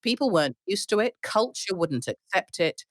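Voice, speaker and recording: A middle-aged woman airline pilot telling stories in an interview, animated, with frequent restarts and laughs. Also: mid-range voice, moderate pace, no echo, studio quality. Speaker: airline pilot, podcast guest. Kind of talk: storytelling interview.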